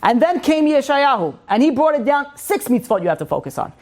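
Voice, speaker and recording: A man, a rabbi, giving an informal Torah class as an animated storyteller who fills his talk with "you know". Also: extremely high pitch, fairly quick.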